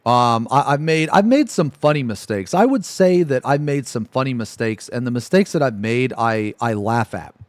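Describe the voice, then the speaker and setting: A man's voice: mid-range voice, expressive, normal speed, hardly any pauses, no echo. A man, a streamer ranting on a livestream in a profane, exasperated and sarcastic way. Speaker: Twitch streamer.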